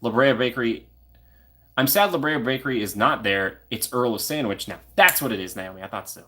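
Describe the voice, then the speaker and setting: A man's voice: medium pitch, expressive, brisk, pushed and bright, a little hiss or hum. A young man from Minnesota hosting a casual live stream, chatting and answering viewer comments by name. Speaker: livestream host.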